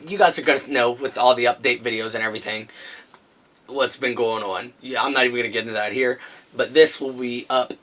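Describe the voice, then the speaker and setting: Animated man recapping comics. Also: medium pitch, fairly quick. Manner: animated retelling, acting out characters' lines. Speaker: comic book review host. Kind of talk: casual chat recapping comics.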